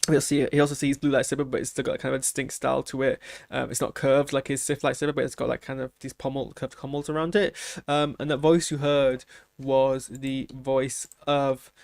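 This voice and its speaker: A man's voice: mid-range voice, level tone, fairly quick, gravelly, a little mellow, dry recording. A man hosting a reaction video in casual commentary, rambling and thinking aloud with many restarts. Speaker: trailer reaction host.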